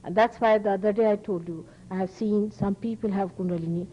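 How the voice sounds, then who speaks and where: An Indian-accented woman delivers a spiritual lecture in a mid-range voice. She speaks earnestly and emphatically, leaning into moral points and pausing to restart her thoughts. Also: medium pitch, fairly even intonation, dark tone, lo-fi sound, a little hiss or hum. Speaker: spiritual teacher.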